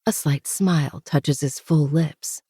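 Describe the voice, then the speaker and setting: Brief: host narrating a novel, mellow dark tone, steady intimate delivery. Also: medium pitch, takes it slowly, husky, no room sound, studio quality. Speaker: podcast host reading a novel. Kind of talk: first-person audiobook narration.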